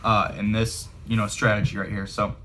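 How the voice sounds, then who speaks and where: A man's voice: lowish voice, level tone, moderate pace, pushed and bright. A man and real estate investor coaching viewers in a casual, chatty way, with lots of fillers. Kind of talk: casual instructional talk to camera.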